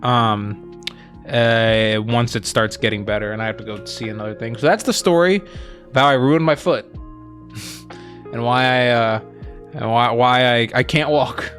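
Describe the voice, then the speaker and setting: A young man casually telling a story as a co-host, rambling with lots of fillers and quoting people in animated bursts. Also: medium pitch, unhurried, long pauses, soft background music.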